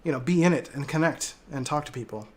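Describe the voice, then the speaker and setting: A man's voice: a little high, quick pace, slight background noise. A man hosting a casual livestream, reading viewer comments and talking reflectively with frequent hesitations and fillers. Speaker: livestream host.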